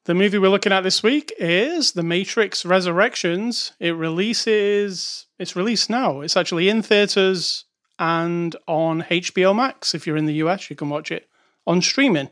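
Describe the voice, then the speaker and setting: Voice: medium pitch, normal speed, a bit bright. Dry, wry movie podcast co-host. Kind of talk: casual movie review chat.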